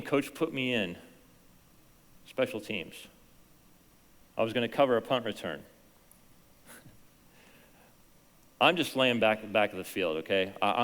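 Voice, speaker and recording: A man preaching a sermon as pastor, telling stories in an animated way that swings from hushed to loud. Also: on the low side, in a large hall. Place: church sanctuary.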